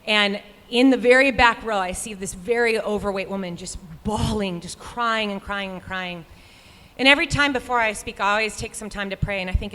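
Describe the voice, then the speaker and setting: A woman's voice: medium pitch, normal speed, sharp tone. A woman, a professional runner, telling a heartfelt personal story to a live audience with earnest quoted inner thoughts. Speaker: professional runner and guest speaker. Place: live stage event in a large hall. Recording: long reverb of a live venue.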